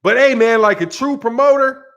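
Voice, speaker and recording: A man's voice: extremely high pitch, normal speed, a bit bright, lo-fi sound. A man hosting a boxing channel, chatting casually and joking with his live-stream viewers, loose and playful. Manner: loose, joking, talks straight to chat, frequent laughs. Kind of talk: casual live-stream commentary reading chat.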